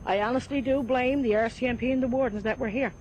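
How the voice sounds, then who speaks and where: A man's voice: very high-pitched, steady tone, fast, darkish tone, dull audio, a little hiss or hum. A man interviewed in a news clip, speaking indignantly and assigning blame. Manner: indignant, blaming. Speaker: interviewed local witness.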